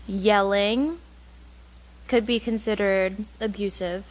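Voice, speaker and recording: Sex: woman. Pitch: average. Role: caregiver co-host. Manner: earnest, quick to laugh. Style: casual talk. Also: steady tone, low-quality recording. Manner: earnest, laughs easily at hard moments. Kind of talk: casual conversational chat.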